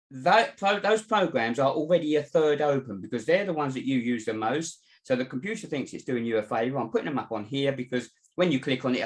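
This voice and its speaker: A man, a mindset coach, giving earnest advice in a casual chat and often saying "you know". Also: medium pitch. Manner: earnest, advising, many "you know" fillers.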